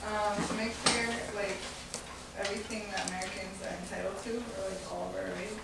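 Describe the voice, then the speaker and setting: A female student answering a question in class, hesitant with many pauses. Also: mid-range voice, steady tone, creaky, background noise. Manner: hesitant, full of ums. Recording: echoey classroom from far off.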